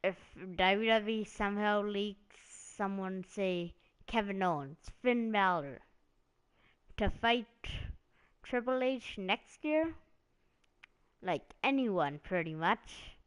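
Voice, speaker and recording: A woman's voice: medium pitch, lively intonation, takes it slowly, smooth. A woman hosting a casual live stream about wrestling, rambling along with lots of "like" and "um" as she recaps storylines. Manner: rambling, meandering, heavy on "like" and "um".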